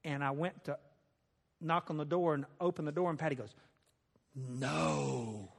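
A man's voice: a little high, fairly even intonation, brisk. A man sharing a personal testimony in a folksy, conversational storytelling style, with laughter. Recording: long reverb of a large hall.

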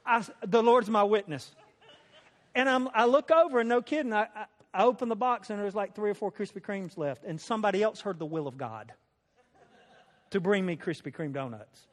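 A slightly high-voiced man tells a personal testimony in a folksy, chatty way. His voice rings out with a long reverb through a large hall. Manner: folksy, conversational, with laughter. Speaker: speaker sharing a personal testimony. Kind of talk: storytelling testimony.

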